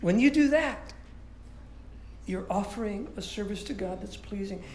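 A man with a stuffy, congested nose delivers a sermon as pastor, casual and animated, often doubling back on his words. His voice rings around a reverberant church room. A faint background ambience sits under him. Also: high voice, measured pace, a little hiss or hum. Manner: animated, conversational preaching with frequent restarts. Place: church sanctuary.

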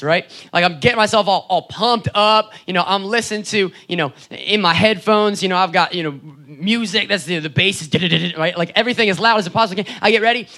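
A man's voice: high voice, sharp tone. A young man preaching a sermon in a conversational, storytelling way, with frequent asides and rhetorical questions. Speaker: pastor.

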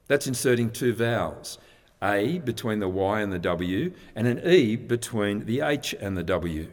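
A man delivers a sermon at a middle pitch, walking his listeners through scripture in a plain, conversational teaching manner. He often restarts his phrases as he explains. His voice carries a long hall reverb. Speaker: preacher.

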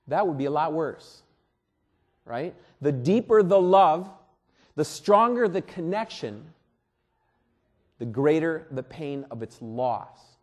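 A man preaching a sermon as pastor at a church service, earnest and deliberate, often repeating words. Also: on the high side, sing-song, a little mellow.

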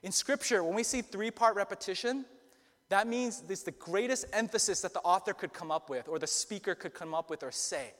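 High-voiced man preaching in a reverberant hall. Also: a bit bright. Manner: earnest, emphatic preaching with slow stressed phrases. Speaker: pastor. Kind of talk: sermon.

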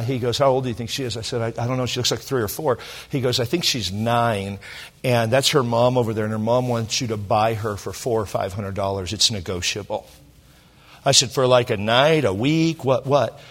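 A middle-aged man from Southern California, a pastor telling a personal story in a sermon, emotional and halting with many restarts. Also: medium pitch.

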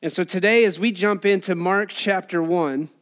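Man, pastor, sermon, high voice, lively, casual asides. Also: normal speed.

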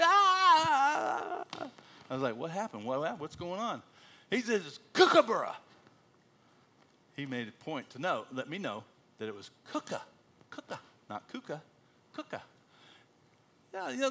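A middle-aged American man, a missionary, telling stories to a church congregation. He acts out the quoted lines in a joking voice. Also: a little high. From United States. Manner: animated storyteller, acting out quotes with a jokey voice. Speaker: missionary speaker.

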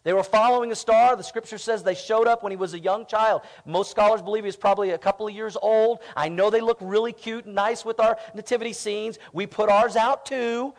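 High-voiced pastor preaching. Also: male voice, fairly even intonation, brisk, few pauses. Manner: conversational storytelling, building to emphatic declarations. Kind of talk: sermon with personal story.

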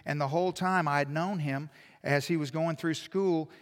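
A fairly high-voiced man preaching a sermon, his storytelling sinking to near-hushed tones before climbing back to emphatic peaks. He is speaking in a church sanctuary, and a long reverb trails after each phrase. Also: normal speed. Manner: animated storytelling, dropping to a hush then building loud. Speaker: pastor.

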